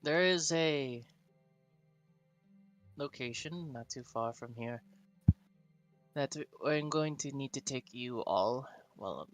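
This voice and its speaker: A man voicing a composed adult woman guide in a tabletop game, speaking in a measured, unhurried way. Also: mid-range voice, a bit bright, soft background music. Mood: matter-of-fact. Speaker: non-player character.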